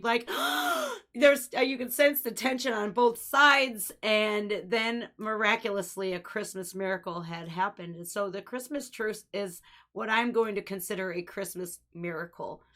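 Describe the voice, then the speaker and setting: A woman's voice: medium pitch, moderate pace, pushed and bright. A woman hosting a music reaction video, talking in an earnest, heartfelt and rambling way with lots of fillers. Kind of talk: casual reaction commentary.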